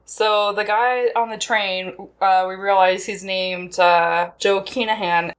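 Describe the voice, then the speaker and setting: A woman co-hosting a podcast, recapping a film in casual chat and acting out lines in quick voices. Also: medium pitch, steady tone. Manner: chatty, laughs often, acts out quotes in voices.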